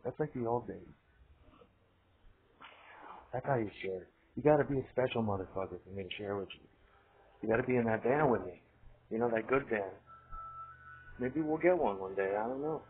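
A man's voice: lowish voice, animated, normal speed, pauses often. Profane rambling man on tinny audio. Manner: profane, laughs often, trails off. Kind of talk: rambling monologue. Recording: tinny phone-like audio, faint hiss.

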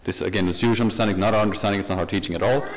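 Chatty priest with a low voice. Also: male voice, steady tone, very fast, a little hiss or hum. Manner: chatty, asks the listener questions, light humor. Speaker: Catholic priest. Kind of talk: conversational homily. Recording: long hall reverb.

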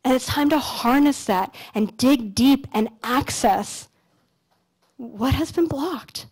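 A young woman from Canada giving a motivational talk on a conference stage, telling stories in a casual, animated way with some swearing. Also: high-pitched, slow pace, breathy edge, rough recording. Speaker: conference speaker. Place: lecture stage at an expo.

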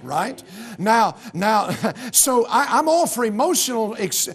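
A pastor preaches slowly in a church sanctuary, his American-accented voice high-pitched and very animated. He speaks emphatically in rising bursts and often begins his sentences over.

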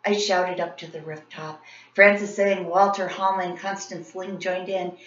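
Female teacher, expressive children's read-aloud; echoey, slightly muffled recording. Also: on the low side, measured pace. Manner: expressive, animated storytelling. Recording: roomy, slightly dull sound.

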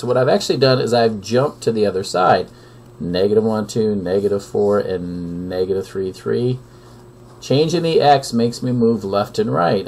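A man, a math teacher, working through a recorded geometry lesson, counting steps aloud and checking in with frequent questions. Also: fairly low pitch.

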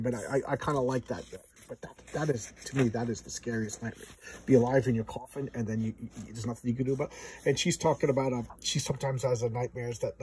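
A man's voice: medium pitch, breathy edge, recorded from a distance, low-quality recording. A man casually reviewing a comic book. He rambles along, restarts his sentences and acts out the characters' lines. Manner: rambling and animated, with many restarts and acted-out quotes.

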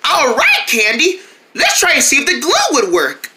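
K B, a woman doing a squeaky excited little girl. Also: normal speed, noisy background. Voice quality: squeaky, high childlike voice.

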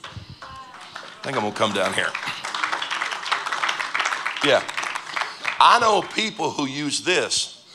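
A man preaching a sermon in a church, joking with sudden loud outbursts and quiet asides. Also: mid-range voice, wildly swooping pitch, takes it slowly, long pauses, very noisy. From United States. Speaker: pastor. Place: church auditorium.

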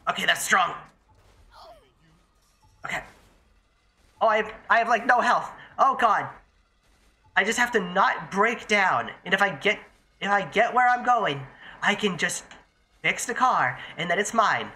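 Bright, chatty, swearing game streamer. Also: medium pitch, animated, measured pace, pauses often. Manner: chatty, profane, talks to self and chat. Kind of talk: casual live-stream gameplay commentary.

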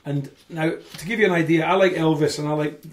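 A man in his forties with a Canadian accent, telling stories as a podcast guest in an animated, chatty way. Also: fairly high pitch, fast talker. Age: 40s. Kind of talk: casual chat.

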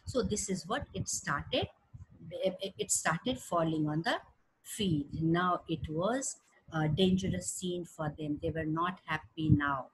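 A woman's voice: on the low side, lively intonation, slightly rough, low-quality recording. A woman teacher with an Indian English accent, reading a story aloud and explaining it in simple words. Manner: reads a passage aloud, then explains it simply; slow, careful teaching tone with fillers.

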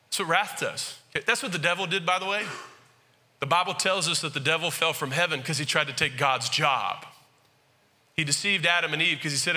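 A male pastor giving a conversational, animated sermon, with frequent asides and questions to the congregation. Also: a little high, normal speed.

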